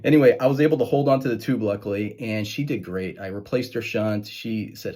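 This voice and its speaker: A man, a surgeon and podcast host, telling a story to the camera in a lively way and acting out the quoted lines. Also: lowish voice, a little fast, few pauses.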